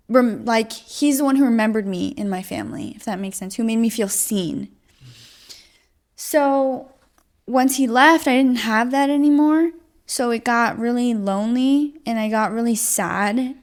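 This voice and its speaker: Young woman's halting, casual testimony. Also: on the high side. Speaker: guest sharing a testimony. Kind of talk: personal testimony.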